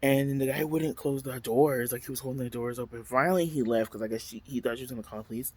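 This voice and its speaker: At home, a man vlogs casually, recounting a bus story before unboxing skincare products, chatty with dramatic exclamations and lots of fillers. His voice is medium-pitched and darkish, and he talks quickly.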